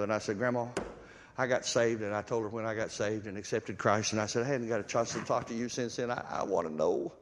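An older man preaching a sermon, telling stories and swinging from hushed, low passages to loud, excited exclamations. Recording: long reverb of a large hall.

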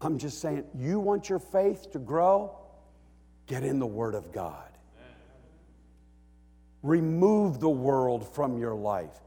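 A middle-aged man preaching a sermon, animated and emotional, swinging from hushed lines to shouts with joking asides. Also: mid-range voice, slow pace, long pauses, slightly rough. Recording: echoey church hall.

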